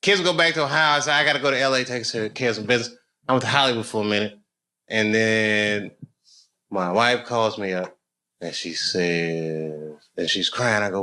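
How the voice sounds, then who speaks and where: A man's voice: fairly low pitch, moderate pace, bright, forceful tone. A man telling loose, profane, rambling stories as a stand-up comedian on a comedy club stage. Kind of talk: live stand-up storytelling.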